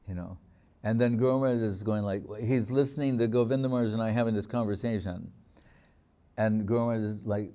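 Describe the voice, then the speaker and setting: Mellow-voiced man giving a devotional talk. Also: mid-range voice. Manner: reflective storytelling, slowing on key words, chuckling. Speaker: spiritual teacher.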